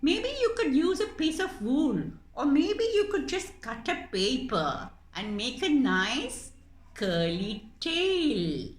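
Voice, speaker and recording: A woman speaks slowly and gently, explaining a paper puppet craft to children in a lively, sing-song voice. Her tone is high and bright, and she is recorded in an echoey room with a faint hum behind her. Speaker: puppet maker and storyteller for children.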